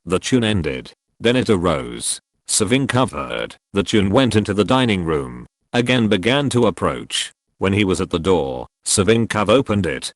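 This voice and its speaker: Male narrator, audiobook, measured storytelling, expressive intonation, dry close mic. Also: deep voice, no echo. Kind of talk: scripted narration.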